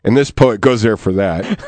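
A man's voice: medium pitch, darkish tone, no room sound. A man hosting a poetry radio show, bantering loosely and laughing often with his co-hosts.

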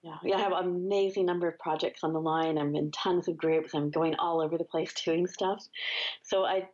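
A woman's voice: on the low side, steady tone, a little fast, darkish tone, highs cut off. A woman from Canada calling in to a show, chatting upbeat with laughs and reading a poem. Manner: upbeat, laughs while talking. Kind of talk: casual chat and poem reading.

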